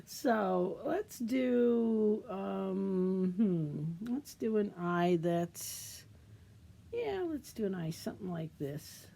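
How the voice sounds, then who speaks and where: This middle-aged children's librarian runs a craft demo at storytime with a mid-range, gravelly voice, speaking very slowly and expressively. Her manner is gentle, sing-song, and teacherly, and she asks the children questions.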